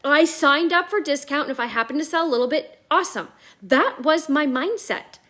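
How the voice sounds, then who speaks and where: A woman telling her own story at home on a live video, chatty and animated, with a lot of "like". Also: high-pitched, normal speed. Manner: chatty, animated, many fillers like "like". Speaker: network marketing vlogger. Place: at home indoors, near a staircase. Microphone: live video call.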